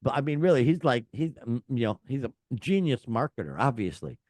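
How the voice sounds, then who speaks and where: A man co-hosting a casual rock music chat show, animated and joking, reading out headlines. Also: medium pitch, fairly quick, dry recording, clean studio sound. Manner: animated, reads headlines and quotes with a put-on voice. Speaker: podcast co-host.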